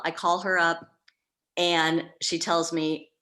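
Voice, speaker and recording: Low-voiced woman organizer rambling through a candid story, lots of ums. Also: monotone, moderate pace, sharp tone. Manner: chatty, candid storytelling with many fillers. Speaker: professional organizer. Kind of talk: casual group meeting talk.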